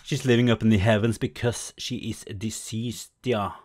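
A man hosting a gaming channel, chatting casually over gameplay and often jumping into high exclamations. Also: steady tone, moderate pace, darkish tone. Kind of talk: casual game commentary.

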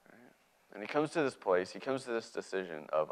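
A man's voice: lowish voice, sing-song, brisk. A man preaching a sermon in a conversational way, often checking in with his listeners. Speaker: pastor.

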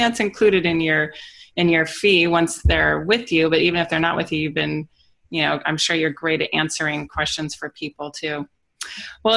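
A woman hosting an interview podcast, with a low-pitched voice that has a bright edge and a gravelly fry. She asks questions in an upbeat, affirming way. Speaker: podcast host.

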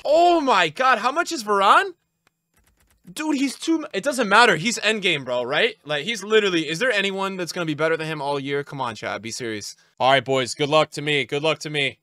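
A young adult man streaming live, opening packs and talking to his chat, often shouting with excitement. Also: high-pitched, fairly quick, dry recording.

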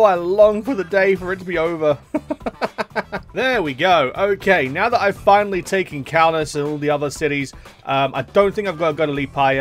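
Chatty young man commenting on a game. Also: on the high side. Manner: chatty, self-amused, laughs often. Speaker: gaming YouTuber. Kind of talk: casual gameplay commentary.

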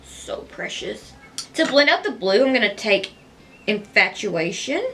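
A woman talking casually at home as she walks through a makeup tutorial step by step, chatty and gushing but gentle. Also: mid-range voice, expressive, normal speed, slight background noise.

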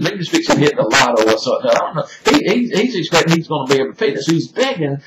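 A man, a pastor teaching a Bible study in a halting way, repeating words and using many fillers. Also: a little high, animated. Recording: echoey room with loud noise.

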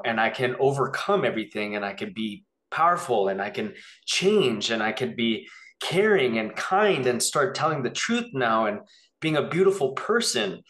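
Animated man telling a personal story. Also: medium pitch, echoey room. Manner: animated, rambling, acts out quoted voices. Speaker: interview guest.

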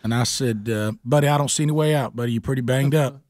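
A man's voice: medium pitch, fast, no room sound, studio quality. Man telling a comic story. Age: 40s. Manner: animated storyteller who acts out quoted voices. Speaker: radio show host. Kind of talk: comedic storytelling on a talk show.

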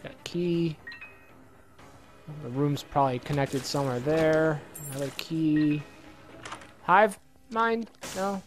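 A man casually commenting on his own gameplay, excitable and swearing a lot, with a slightly hoarse voice. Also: a little high, slow pace, pauses often, soft background music. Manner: excitable, swears a lot, sudden loud outbursts. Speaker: let's play gamer.

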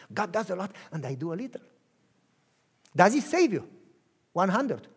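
A man preaching a sermon with a Romanian accent, acting out both sides of a dialogue and swinging from hushed lines to shouts. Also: sits high, slightly rough. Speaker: pastor.

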